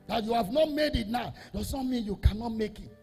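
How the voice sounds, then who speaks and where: A man, a Catholic priest, preaching an emphatic sermon that repeats phrases and swells into half-sung, shouted lines. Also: very high-pitched, a little fast, husky, in a large hall, faint music behind.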